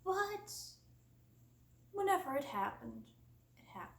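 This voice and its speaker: Animated woman telling a story. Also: high-pitched, takes it slowly, gravelly, roomy sound, far from the mic. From United States. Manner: exaggerated, animated, laughs often. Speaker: vlogger. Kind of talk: comic storytelling to camera.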